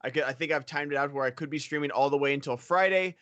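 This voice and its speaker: A man with a high, bright voice that sounds close and dry, chatting casually as co-host of a live stream. He jokes around, laughs a lot, and talks at an unhurried pace. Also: dry recording, lo-fi sound. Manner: jokey, laughs often, sings slowly and loudly. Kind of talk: casual livestream chat.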